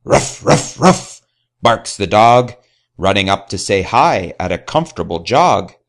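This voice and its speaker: A man's voice: fairly low pitch, expressive, moderate pace. A man narrating a rhyming children's story in a playful sing-song way. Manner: sing-song, playful, imitates animal sounds.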